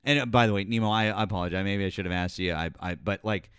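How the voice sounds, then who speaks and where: A man's voice: low voice, quick pace, fairly bright tone, clear, resonant tone, dry recording, clean studio sound. A man hosting a live political call-in stream, talking bluntly and cursing freely. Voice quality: blunt, profane, exasperated. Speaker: host.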